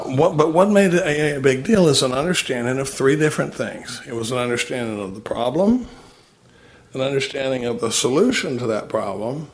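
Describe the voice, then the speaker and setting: A man's voice: mid-range voice, slight background noise. A man giving a folksy, conversational talk to a recovery meeting, often repeating words and restarting sentences.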